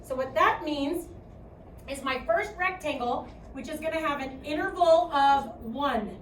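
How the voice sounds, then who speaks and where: A young woman with a Chicago accent teaches a classroom math lesson in a high voice. She projects her speech and keeps asking "okay?" as she goes. The sound is roomy and echoey, picked up from some distance, with a faint hiss underneath. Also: unhurried. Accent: Midwestern American, Chicago. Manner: chatty, projecting, asks okay often. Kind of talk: classroom lecture.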